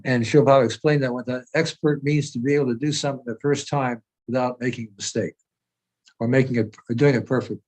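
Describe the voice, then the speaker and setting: An older man speaking as a guest over a video call. He tells his memories in a measured, unhurried storytelling way. His pitch sits in an ordinary middle range. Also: steady tone, darkish tone, poor audio. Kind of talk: reminiscing conversation.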